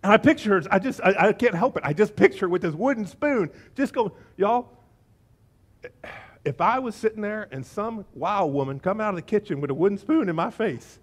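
A middle-aged male pastor preaching a sermon, telling the story with animated energy and acting out the voices. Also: sits high, fairly quick.

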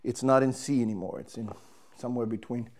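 A man's voice: medium pitch, steady tone, brisk, a little mellow. A man, a trumpet player, casually explaining and demonstrating his instrument, thinking aloud as he works and restarting his sentences.

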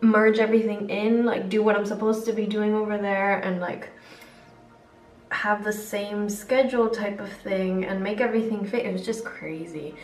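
In a chatty get-ready-with-me vlog, a young adult woman does her makeup and rambles with lots of fillers. Her mid-range voice is a little mellow, with fairly even intonation at a moderate pace. The recording has a roomy echo, a distant mic, and faint music.

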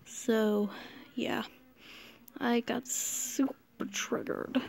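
A woman giving casual, rambling commentary as she scrolls through posts, now and then dropping into quiet whispers. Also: on the high side, fairly even intonation, extremely slow, gravelly. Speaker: channel host.

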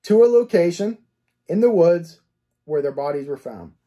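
A man with a husky, mellow, darkish voice, speaking as a cold case detective. He reasons through the case one point at a time. He poses rhetorical questions and answers them, and tags his points with a firm "okay?". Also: a little high, lively intonation, moderate pace, muffled recording. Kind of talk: case analysis commentary.

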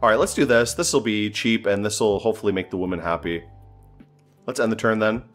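A man's voice: fairly low pitch, a little fast, soft background music. A man thinking aloud as he plays a strategy game, often exasperated and swearing. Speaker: gameplay commentator. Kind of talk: casual gameplay commentary.

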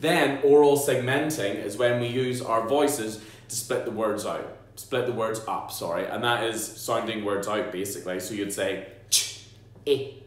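Playful teacher in an echoey room. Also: male voice, fairly low pitch, normal speed, hardly any pauses. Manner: playful, jokey, demonstrating sounds aloud. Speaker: primary school teacher. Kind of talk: explaining phonics to parents.

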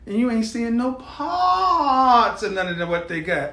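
A man's voice: very high-pitched, sing-song, unhurried, pushed and bright, roomy sound. Blunt, mocking male live-stream host.

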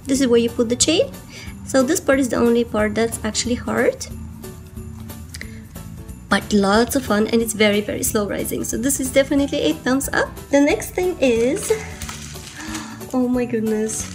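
A woman's voice: fairly high pitch, normal speed, pauses often, a little mellow, faint music behind. A woman hosting an unboxing vlog, a little sick and slightly out of breath, giggling and gushing over each item as she draws out repeated words. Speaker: host.

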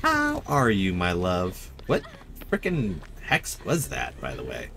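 A man's voice: deep voice, slow, creaky. A man streaming a game live, chatting with friends, often yelping and laughing. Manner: excitable, yelps and laughs often. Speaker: gaming streamer.

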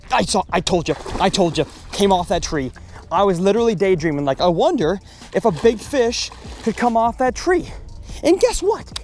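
A young man narrating his own fishing trip outdoors on a river, exclaiming and repeating phrases as he goes. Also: high-pitched. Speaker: fishing vlogger. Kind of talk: excited fishing vlog commentary.

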